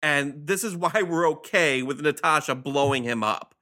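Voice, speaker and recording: A man's voice: on the high side, moderate pace, pushed and bright. A man co-hosting a casual movie review chat, blunt and swearing.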